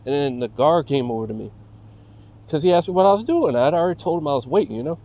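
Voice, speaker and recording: A man's voice: a little high, big pitch swings, fast, dark tone, low-quality recording. A man ranting casually about an incident, profane and agitated, with many fillers like "bro" and "like". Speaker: vlogger. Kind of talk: casual rant to camera.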